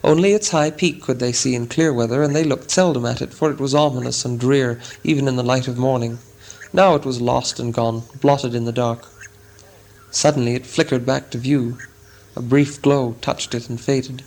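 A man reading a storybook chapter aloud as a narrator, in a measured, dramatic way. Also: medium pitch, steady tone, darkish tone, poor audio. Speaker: audiobook narrator. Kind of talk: scripted narration.

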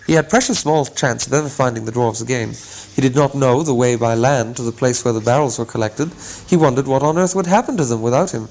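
Man, audiobook narrator, mid-pitched voice, measured, gently wry, storybook reading. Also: rough recording. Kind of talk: scripted narration.

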